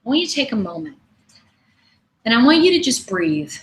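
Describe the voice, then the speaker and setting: A middle-aged woman coaching in a webinar, telling personal stories and asking her listeners questions in a lively, conversational way. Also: on the high side, a little fast, poor audio. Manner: animated, conversational, asks the audience questions. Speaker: intuition coach. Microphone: webinar microphone.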